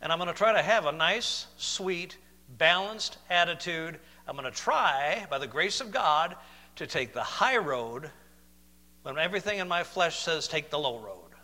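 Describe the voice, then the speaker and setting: A man preaching a sermon, moving between loud, emphatic declarations and soft, slow, questioning passages. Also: a little high, in a large hall.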